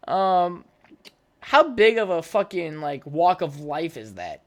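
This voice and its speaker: A man's voice: fairly high pitch, sing-song, measured pace. A young man hosting his own podcast, telling stories from his childhood in a rambling, profane way, full of fillers and restarts. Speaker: podcast host. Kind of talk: casual solo podcast storytelling.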